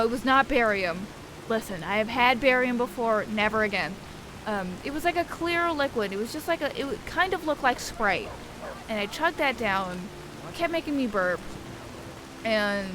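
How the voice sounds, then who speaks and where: A woman's voice: a little high, a bit bright, slight background noise, poor audio. A young woman streamer telling a rambling, profane story in casual chat, often laughing. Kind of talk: casual chat while gaming.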